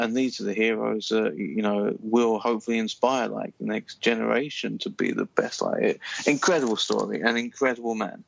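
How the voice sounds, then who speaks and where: A man's voice: fairly low pitch, gravelly, no echo, dull audio. A man co-hosting a podcast in casual chat, enthusiastic and rambling, with lots of fillers. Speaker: podcast co-host.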